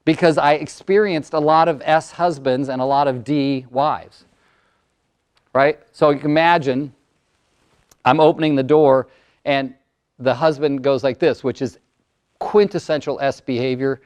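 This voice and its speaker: A man in his sixties, a motivational speaker and coach, telling stories and acting out voices in a lively workshop talk to an audience. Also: mid-range voice, unhurried, pauses often, clean tone. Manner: animated storyteller, acts out client voices.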